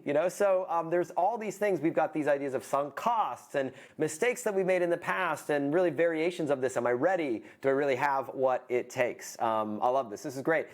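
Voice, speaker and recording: A man co-hosting a live online coaching workshop, talking in a relaxed way with lots of "uh" and "um". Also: on the high side, normal speed, hardly any pauses. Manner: relaxed, many "uh" and "um" fillers. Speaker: co-host of a business coaching webinar.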